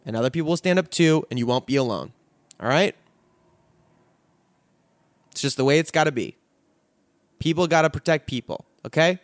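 A man's voice: a little high, no echo. A man hosting a podcast, giving an earnest, profane pep talk to his listeners as he signs off. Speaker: podcast host. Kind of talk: impassioned solo podcast sign-off.

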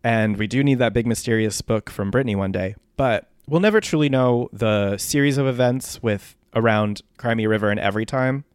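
A man's voice: medium pitch, a little fast, few pauses, clear, resonant tone, dry recording, studio quality. A man co-hosting a podcast, gossiping in a laid-back way and trailing off with fillers. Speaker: podcast co-host. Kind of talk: casual chat.

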